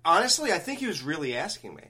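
Male podcast host, higher pitch, rambling animated storyteller. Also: fast talker, husky. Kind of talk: casual podcast chat.

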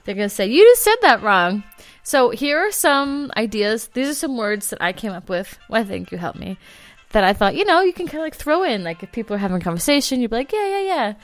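A woman's voice: on the high side, animated, quick pace, dry recording, faint music behind. A woman hosting a casual travel vlog, chatty and self-deprecating, laughing easily. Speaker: vlog host.

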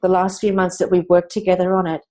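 A woman's voice: lowish voice, completely flat delivery, fast, warm tone. A woman, a writing coach who speaks enthusiastically and encouragingly in a casual chat.

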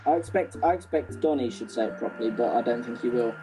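A man co-hosting a casual podcast, animated and jokey. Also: mid-range voice, quick pace, over music, rough recording. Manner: animated, jokey, acts out quoted voices. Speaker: podcast co-host.

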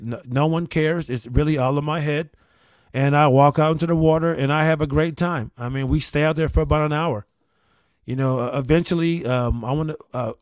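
A man's voice: medium pitch, no room sound. Man telling a rambling story. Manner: rambling, repeats words and restarts, swears casually. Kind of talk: casual anecdote.

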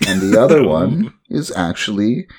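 A man's voice: lowish voice, sing-song, normal speed, a little mellow, breathy edge. A man narrating as game master of a comedic tabletop game, laid-back and drawling.

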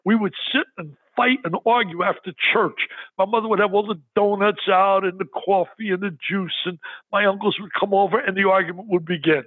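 An older man and sports broadcaster telling excited stories in an interview, with animated, exclamatory talk. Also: sits high, a little fast, dry recording, narrow, tinny audio. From New York area. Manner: animated, exclamatory, raises his voice for quoted arguments.

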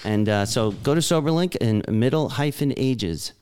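A man's voice: mid-range voice, lively intonation, normal speed, a little mellow, slight background noise. A man co-hosting a podcast, chatting casually and cracking jokes. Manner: jokey, playful. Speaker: podcast co-host. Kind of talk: casual chat.

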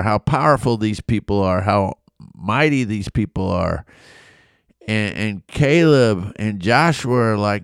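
A man, a pastor, retelling a Bible story in a casual, animated way and asking his listeners questions. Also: on the low side, clear, resonant tone, no echo, studio quality. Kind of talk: casual Bible study talk.

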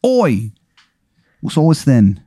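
A man's voice: medium pitch, wildly swooping pitch, normal speed, no room sound, pitched above the performer's own voice. A bumbling corporate man with a terrible fake English accent, put on by a man, full of overdone slang. The voice is pushed well above the speaker's own and sounds dry and close. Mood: cheeky. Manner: hammy, overdone cockney slang.

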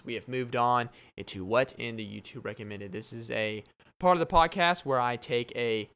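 A male podcast host spins a long daydream story on his own, with restarts and little laughs along the way. His voice is smooth and clear and sits at a middle pitch. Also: fairly bright tone. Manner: rambling, giggly storyteller. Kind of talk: solo podcast monologue.

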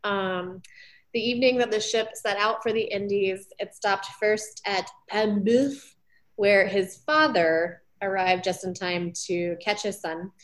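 A woman's voice: mid-range voice, fairly even intonation, measured pace, a bit bright. A young woman co-hosting a podcast, a former teacher, chatting casually with lots of ums and likes and frequent giggles. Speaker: podcast co-host. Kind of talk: casual chat, retelling research.

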